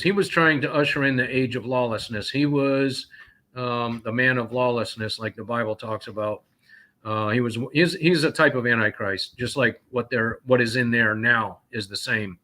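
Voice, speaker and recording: A man's voice: medium pitch, pushed and bright. Indignant trucker man from North Carolina. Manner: indignant, rambling with many fillers. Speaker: guest trucker. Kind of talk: casual call-in talk, telling stories.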